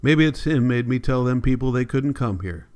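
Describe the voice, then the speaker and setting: A man's voice: medium pitch, lively intonation, moderate pace, a little mellow, lightly acted. A man reading the part of a tired, stern migrant mother in an audiobook, weary and firm.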